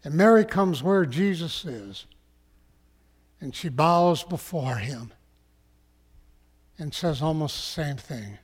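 A man preaching a sermon as a pastor, slow and emphatic, sometimes dropping to a hush. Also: fairly high pitch, expressive, breathy edge. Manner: slow, emphatic preaching that drops to hushed tones. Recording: long echoing hall.

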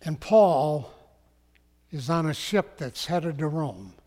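A man preaching a sermon as a pastor, slow and emphatic, sometimes dropping to a hush. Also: on the high side, lively intonation. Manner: slow, emphatic preaching that drops to hushed tones. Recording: long echoing hall.

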